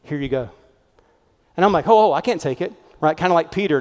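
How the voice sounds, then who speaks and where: Animated pastor in reverberant hall. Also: male voice, on the high side, brisk. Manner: animated, conversational, acts out quoted voices. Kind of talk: sermon storytelling.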